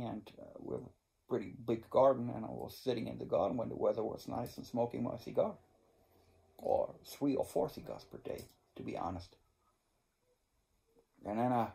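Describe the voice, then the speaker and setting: A man's voice: mid-range voice, gravelly, darkish tone. A man hosting a cigar channel who tells a story casually to his viewers, rambling, restarting his sentences and swearing now and then. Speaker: cigar review channel host. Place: home in Germany.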